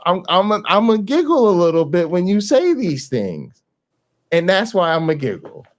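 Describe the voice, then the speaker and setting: A man hosting a casual commentary show, talking in a mocking, animated way and often repeating himself. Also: high voice, normal speed. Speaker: host.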